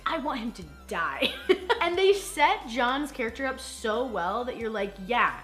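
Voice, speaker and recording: A woman recapping a movie in a casual vlog, animated and gushing, laughing and cursing as she goes. Her voice is bright, somewhat high, and swings widely in pitch. Faint music plays underneath. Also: unhurried. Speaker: vlog host reviewing movies.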